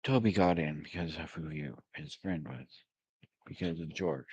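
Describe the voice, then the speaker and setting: A man with a very deep voice tells a personal faith story, wandering off course with halting ums and soft chuckles. The sound is dry and close, with no room around it. The recording is dull and lo-fi. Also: husky, dry recording. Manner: rambling, halting, with many fillers and chuckles.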